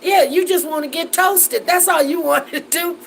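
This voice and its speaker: A woman's voice: very high-pitched, moderate pace, gravelly, a little hiss or hum, poor audio. A woman in her forties hosting a casual live chat, reading viewer comments and laughing often as she talks. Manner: chatty and laughing, with Southern Black American vernacular.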